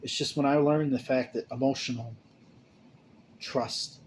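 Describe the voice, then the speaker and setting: A man's voice: mid-range voice, fairly even intonation, a little hiss or hum. Stammering young man, rambling confession. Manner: halting, stammering, many restarts and repeated words; emotional, confessional, swings between mumbling and loud bursts. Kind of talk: rambling personal monologue to camera.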